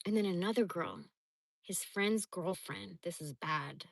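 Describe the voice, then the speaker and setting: A woman in her forties chatting casually on a livestream, reading comments and telling stories in a blunt, profane, animated way. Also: lowish voice, measured pace, creaky, no echo. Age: 40s. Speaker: livestream host.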